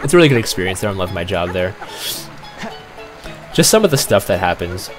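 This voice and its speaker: A man's voice: sits low, sing-song, brisk, music in the background. A young Canadian man hosting a let's play, telling rambling stories in casual, laid-back commentary.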